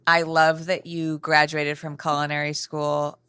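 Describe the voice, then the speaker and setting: A woman hosting a podcast interview, talking warmly and openly with her guest. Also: deep voice, flat delivery, a little slow, smooth, dry recording, clean studio sound. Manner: warm, openly emotional. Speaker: podcast host. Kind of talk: casual interview.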